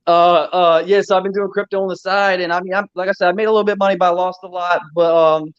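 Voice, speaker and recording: A man from Baltimore calls into a livestream over a dull, lo-fi connection, his fairly high voice excited and nervous. He chats casually, laughing and breathless. The sound is dry. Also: fast talker, smooth, no room sound. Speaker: giveaway winner, caller. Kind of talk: casual call-in chat. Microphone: remote call with bad connection. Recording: muffled lo-fi call audio.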